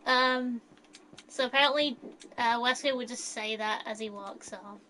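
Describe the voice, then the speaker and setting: A woman talks in a slow, drawn-out way, her voice bright and a touch higher than most. She hesitates often and fills gaps with small fillers as she casually recounts a story she imagined. Faint background noise sits under her voice. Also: low-quality recording.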